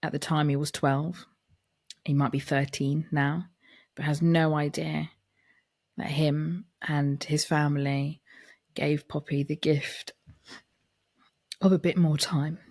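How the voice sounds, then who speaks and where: A woman's voice: low voice, flat delivery, takes it slowly, long pauses, a little mellow, no room sound, studio quality. A young woman hosting a podcast, talking candidly and chattily about her family and acting out their dialogue. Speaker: podcast host. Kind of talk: personal reflective monologue.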